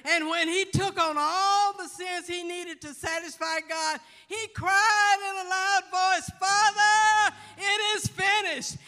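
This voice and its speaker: Woman pastor preaching hard, high bright voice, slow and drawn out, big church echo with soft music. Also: fairly even intonation. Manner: fervent gospel preaching with repeated phrases. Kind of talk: sermon. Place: church sanctuary. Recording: church hall reverb with faint music.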